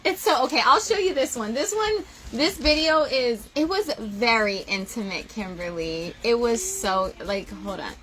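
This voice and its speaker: A young woman talking casually to her viewers, animated and emotional, often gushing. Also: fairly high pitch, unhurried, hardly any pauses, rough recording. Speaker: vlogger.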